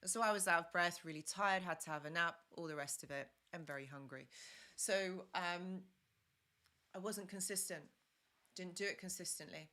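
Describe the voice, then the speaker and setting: A woman's voice: lowish voice, moderate pace, pushed and bright. A young woman hosting a live stream, giving earnest, repetitive advice and stopping to thank viewers. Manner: earnest, repetitive, reads comments aloud. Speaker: live stream host, relationship advisor.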